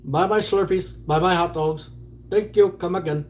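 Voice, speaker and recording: A man putting on an exaggerated Indian accent to voice a cheery male shop clerk in a high, loud, sing-song voice. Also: normal speed, natural voice. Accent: Indian, put on.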